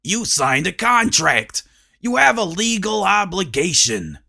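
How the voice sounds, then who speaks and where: A smug little dwarf landlord, as the narrator puts him on talks briskly and dismissively, entirely unfazed. His voice sits a bit higher than the narration and snaps out its demands. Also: very animated, creaky, bright, forceful tone, exaggerated voice.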